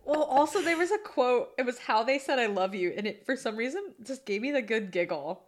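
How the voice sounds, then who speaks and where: A giggly woman co-hosting a movie podcast, with a somewhat high voice that jumps around a lot. She tosses in quick, playful comebacks as the chat goes on. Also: lively intonation. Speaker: podcast co-host. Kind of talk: casual movie review chat.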